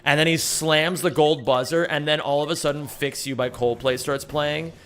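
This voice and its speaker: A man's voice: a little high, fairly even intonation, moderate pace, a bit bright. Profane young man rambling on stream. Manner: rambling, profane, jokey storytelling with put-on voices. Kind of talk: casual livestream chat. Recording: faint music behind.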